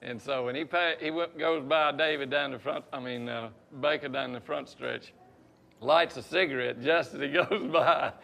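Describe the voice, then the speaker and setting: A man's voice: mid-range voice, normal speed, gravelly, bright, forceful tone. An older man chuckling as he tells a racing anecdote. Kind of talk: casual storytelling.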